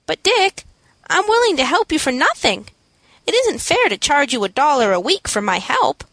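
A woman reading the part of a modest teenage boy who speaks low and gently protests. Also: very animated, moderate pace, dry recording, full character voice. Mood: earnest. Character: earnest, modest teenage boy, soft-spoken.

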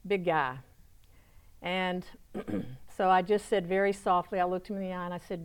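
A woman pastor giving a spoken testimony to an audience, telling her story with lively energy and dropping into soft, hushed tones. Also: on the low side, moderate pace, clean tone.

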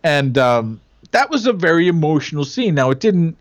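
Animated chatty man with lively pitch. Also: moderate pace, no room sound. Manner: animated, laughs often, mimics voices. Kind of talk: casual chat.

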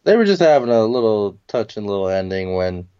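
Low-voiced young man, dry dull recording. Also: very animated, fairly quick, warm tone, clean tone, no echo. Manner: teasing, profane banter. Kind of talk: casual chat about TV and comics.

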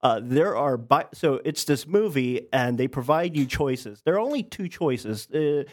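A man co-hosting a podcast in casual chat, explaining things haltingly and restarting as he searches for words. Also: medium pitch, animated, a little mellow. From United States. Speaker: podcast co-host.

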